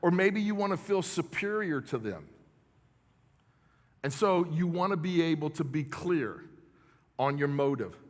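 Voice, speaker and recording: A middle-aged man preaches in a church, his voice sitting a little high for a man. He talks plainly and conversationally, checking in with the crowd as he goes. A long reverb from the big hall trails behind his words. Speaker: pastor. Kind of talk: sermon. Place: church sanctuary.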